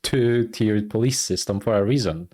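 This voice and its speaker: A man with a somewhat low voice reacts to video clips on a live stream. He swears freely and mocks what he sees in incredulous disbelief. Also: normal speed, a little mellow. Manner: profane, incredulous, mocking.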